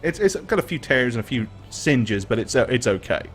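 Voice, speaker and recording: A man narrating a tabletop game as game master, relaxed and pausing with fillers. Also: medium pitch, faint music behind.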